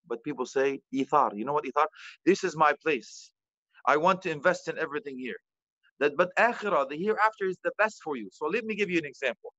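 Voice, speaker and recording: A man's voice: a little high, sharp tone, no echo, lo-fi sound. A man giving a sermon as an imam, addressing listeners directly and weaving in Arabic terms and recitation. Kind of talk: sermon lecture.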